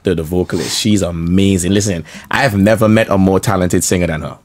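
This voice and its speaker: Sint Maarten-accented man, low voice. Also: steady tone, brisk, darkish tone. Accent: Sint Maarten Caribbean English. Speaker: podcast guest, artist. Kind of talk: casual podcast chat.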